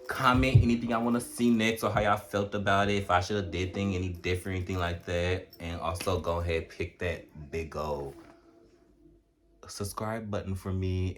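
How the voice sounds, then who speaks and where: Young man, animated storytime, low voice. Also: slight background noise. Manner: animated, chatty storytelling with lots of fillers. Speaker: vlogger. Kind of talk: casual storytime vlog. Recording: music playing underneath.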